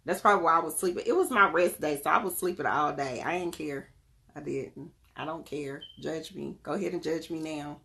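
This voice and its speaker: A woman chatting casually and directly to her viewers, lively and often laughing as she talks. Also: low voice, a little fast, vocal fry. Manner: talks straight to the audience. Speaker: wellness vlogger.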